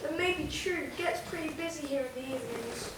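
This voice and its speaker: A woman's voice: high voice, fairly quick, close to an everyday voice. A girl playing a smug gangster boss. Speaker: student actor. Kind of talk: school stage drama. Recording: echoey hall from far off, noisy.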